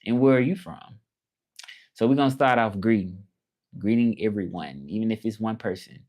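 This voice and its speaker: A man's voice: lowish voice, moderate pace, muffled recording. A man with a Southern accent from Memphis, chatting loosely on a livestream and greeting viewers from his laptop. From Memphis, Tennessee. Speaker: livestream host. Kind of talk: casual livestream chat. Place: indoors at a laptop.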